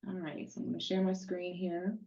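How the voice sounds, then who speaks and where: A woman's voice: lowish voice, level tone, fairly quick, warm tone. A woman hosting an online team meeting and setting up video clips in a plain, businesslike way. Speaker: meeting host. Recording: dull lo-fi audio.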